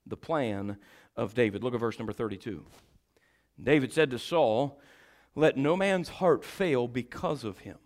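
A man preaching a sermon, swinging from shouted exhortation to quiet, folksy storytelling as he acts out Bible figures. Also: mid-range voice, lively intonation, a little slow. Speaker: pastor.

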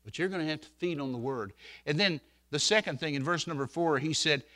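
Folksy older man preaching, bright voice. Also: a little high, fairly quick. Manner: folksy storytelling, swells loud on scripture quotes. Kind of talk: sermon.

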